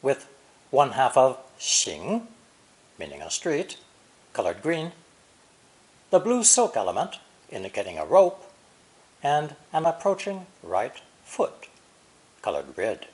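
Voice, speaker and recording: A man narrating a recorded language lesson, explaining slowly and deliberately, with example sentences read in Chinese. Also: mid-range voice, huge pitch swings, darkish tone. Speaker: language teacher.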